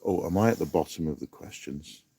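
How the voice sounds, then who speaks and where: A man's voice: sits low, a little fast, mellow, slightly rough. A man hosting a casual live-stream quiz, chatty and rambling, laughing at his own asides. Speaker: livestream quiz host.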